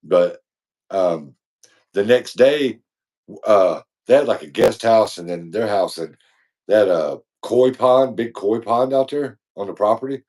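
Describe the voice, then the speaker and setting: A man's voice: fairly low pitch, animated, measured pace, a little mellow. A man co-hosting a podcast, telling a long, rambling, slangy story in casual chat. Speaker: podcast co-host.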